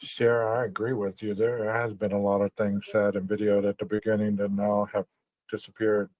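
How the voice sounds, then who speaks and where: A man with a low, mellow voice hosts a casual true-crime discussion and answers viewers in a measured, conversational way. The recording is dry and close, with no room sound. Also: monotone, no room sound, rough recording. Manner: measured, conversational, hedging with "you know". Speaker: podcast host reading viewer chat.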